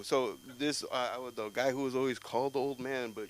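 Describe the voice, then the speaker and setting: A young man doing stand-up at an open mic, telling rambling, profane stories and breaking into loud outbursts. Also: medium pitch, fairly even intonation, a little fast, hardly any pauses, rough recording. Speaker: stand-up comic.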